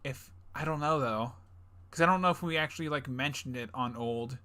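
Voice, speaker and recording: Bright-voiced joking young podcast host. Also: male voice, mid-range voice, fairly quick. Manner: jokey, laughing, rambling with restarts. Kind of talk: casual chat.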